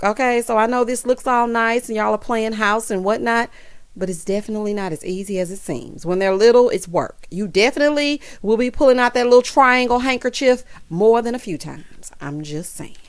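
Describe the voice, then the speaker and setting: A middle-aged woman giving a casual reality-TV recap, sassy and teasing, calling everyone honey and child and putting on voices for quotes. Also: mid-range voice. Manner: puts on voices when quoting people. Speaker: recap vlogger.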